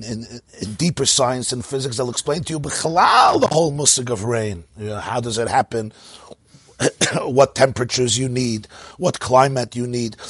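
A husky, medium-pitched man gives an informal Torah talk at a gathering as a rabbi, with no room sound on the recording. He tells stories, laughs often, and mixes Hebrew and Yiddish terms into his teaching.

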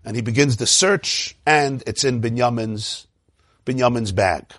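A man's voice: mid-range voice, unhurried, a bit bright, no room sound, clean studio sound. A man teaching a Torah lesson, retelling a biblical story with repeated phrases for emphasis and quoting Hebrew verses before translating them.

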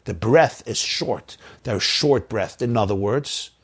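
A man teaching a Torah sermon, reading passages with a pronunciation and speaking intensely, swinging between loud emphasis and hushed asides. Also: on the low side, lively intonation, slow, husky. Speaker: rabbi. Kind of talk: Torah sermon with guided meditation.

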